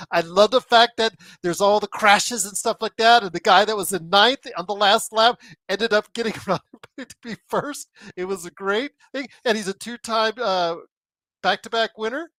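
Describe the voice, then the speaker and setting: A man hosts a sports podcast, rambling chattily between plugs and opinions. His pitch swings widely as he talks, and the sound is dry and close. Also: pushed and bright, no room sound. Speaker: podcast host. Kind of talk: casual sports podcast talk.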